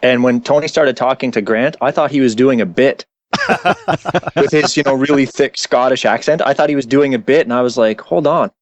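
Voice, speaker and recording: A man's voice: mid-range voice, a little fast, no echo. Guest actor, male, chatty storyteller with easy laughs; dry close mic. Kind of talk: casual podcast interview.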